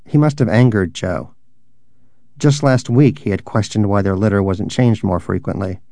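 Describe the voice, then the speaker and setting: A man's voice: fairly low pitch, normal speed, mellow, dry recording. A man narrating a story in a dry, wry way. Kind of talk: scripted narration.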